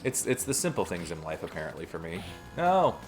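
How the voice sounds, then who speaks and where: Young male streamer, lower voice, rambling and laughing through chat. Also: lively intonation, quick pace, music in the background. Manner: rambling anecdotes, frequent laughter. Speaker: game streamer. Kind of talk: casual chat while streaming a game.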